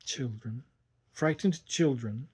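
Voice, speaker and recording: A husky-voiced man reading an audiobook, voicing a calm, secretive governess who speaks in hushed tones. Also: fairly high pitch, moderate pace. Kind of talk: audiobook narration.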